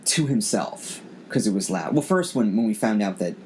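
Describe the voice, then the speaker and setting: Deep voiced guy on a podcast, emotional and earnest, keeps repeating himself. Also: lively intonation, moderate pace, a little mellow, a little hiss or hum. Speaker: podcast host. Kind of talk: casual storytelling chat.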